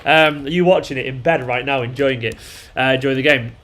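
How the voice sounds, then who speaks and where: Speaking fairly quickly in a mid-range, fairly bright voice, a fan channel host from Manchester, England, chats and rambles casually. He is running a live watchalong and responding to messages from viewers.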